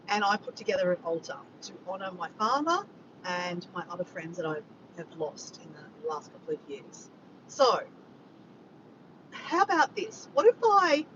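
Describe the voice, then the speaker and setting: A vlogger with an Australian accent hosts a laid-back livestream chat, rambling and reading comments from the chat while greeting viewers by name. The audio comes from a dull, distant microphone, with vehicle rumble underneath.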